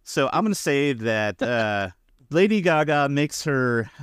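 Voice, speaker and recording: A man's voice: medium pitch, very animated, slow, clear, resonant tone, no echo. A man co-hosting a casual podcast with dry, laid-back jokes. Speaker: podcast co-host.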